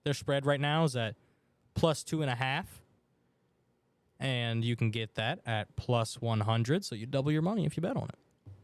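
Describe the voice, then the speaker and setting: A man co-hosting a sports betting podcast in a radio studio, chatting casually and excitably. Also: medium pitch, normal speed, no room sound. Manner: excitable, chatty, loud outbursts for his team. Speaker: podcast co-host. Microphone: studio mic.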